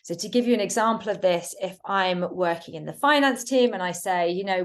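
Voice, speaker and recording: A woman teaching workplace communication in a webinar, with a clear, emphatic delivery and deliberate pauses. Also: medium pitch. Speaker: communication trainer.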